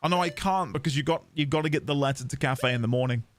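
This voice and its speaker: A man's voice: medium pitch, fast, no room sound. A man chatting playfully on a game livestream, reading chat aloud and laughing often. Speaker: livestreaming gamer. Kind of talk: casual live-stream chat.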